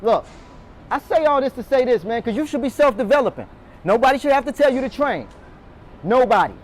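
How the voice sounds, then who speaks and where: Speaking very high and a little fast, a man delivers a motivational talk to door-to-door salespeople in a meeting room with a live audience. He's energetic, quizzing the room and calling on people to answer.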